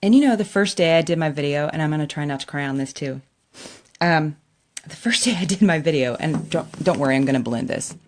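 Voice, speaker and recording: A woman's voice: sits low, animated, brisk. A middle-aged woman chatting emotionally to her camera while doing her makeup, laughing often. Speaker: makeup vlogger. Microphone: camera in front of her.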